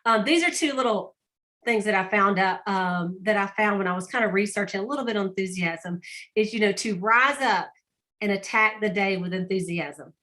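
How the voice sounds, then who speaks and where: A woman's voice: mid-range voice, normal speed, fairly bright tone. A woman, leading an online team training over a video call in an upbeat, chatty, encouraging way. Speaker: sales director leading a team meeting.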